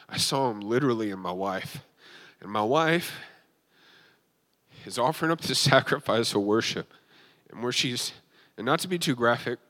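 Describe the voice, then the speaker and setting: A man's voice: medium pitch, a bit bright. A man giving a sermon as a pastor, telling an emotional personal testimony with frequent restarts and fillers.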